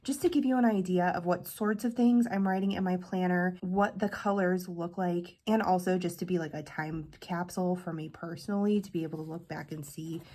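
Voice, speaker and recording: A young woman chats brightly and enthusiastically to her viewers. Her voice is stuffy and congested, and she sometimes runs short of breath. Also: lowish voice, fairly even intonation, a little fast, few pauses. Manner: bubbly, chatty, enthusiastic. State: congested from illness. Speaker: planner vlogger. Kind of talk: casual talk to camera.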